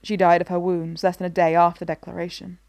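A somber, weary senator delivers hard news in a measured, heavy tone, as a woman reader voices him. The voice sits fairly low and the sound is close and dry. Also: little pitch movement, creaky, darkish tone, no echo. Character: grave, weary man, a senator and husband.

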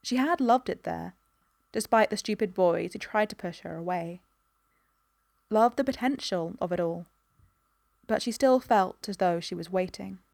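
A woman narrating a story in an even, measured reading voice. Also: mid-range voice, vocal fry, no echo.

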